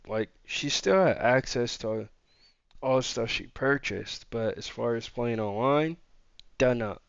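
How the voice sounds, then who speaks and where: A man's voice: lowish voice, measured pace, creaky, clean tone, dry recording. A man hosting a gaming channel, telling a casual, rambling story full of fillers and quoted dialogue.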